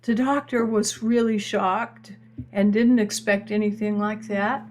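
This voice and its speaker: A woman's voice: mid-range voice, fairly even intonation, a little slow. An older woman hosting an astrology live stream, telling a long story in a chatty, meandering way with many restarts and answering viewer comments. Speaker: astrology channel host.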